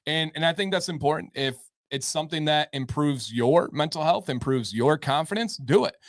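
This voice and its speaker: A man's voice: a little high, animated, normal speed, dry recording, clean studio sound. A man hosting a live-stream advice show, answering chat questions in an upbeat, emphatic way and repeating his key points. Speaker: show host giving beard advice.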